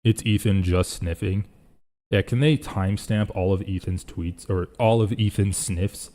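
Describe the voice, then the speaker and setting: A man's voice: on the low side, moderate pace, warm tone. A young man hosting a casual live reaction stream, rambling and thinking aloud as he reads chat.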